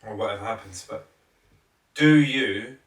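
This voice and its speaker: A man co-hosting a podcast, asking probing questions in casual chat with halting restarts. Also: lowish voice, recorded from a distance. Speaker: podcast co-host. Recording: roomy, off-mic sound.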